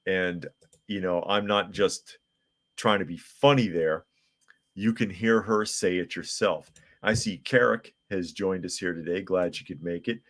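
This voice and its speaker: A man hosts a live news commentary podcast, reading headlines and viewer comments aloud. He drops mocking asides between them. His voice sits very low. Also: a little slow. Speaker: podcast host.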